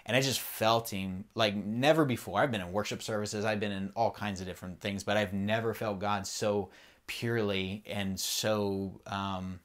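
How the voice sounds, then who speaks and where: A man's voice: lowish voice, steady tone, moderate pace. A man on a podcast, candidly telling a personal faith story in an earnest, rambling way and swearing freely.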